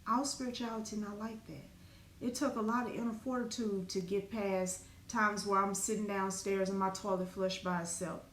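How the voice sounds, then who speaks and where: A middle-aged woman, a spiritual teacher, telling a raw personal story in an animated, profane, dramatic way. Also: mid-range voice, normal speed. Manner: animated, profane, dramatic retelling with colloquial speech. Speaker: spiritual teacher and business owner. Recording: echoey room with faint ambient noise.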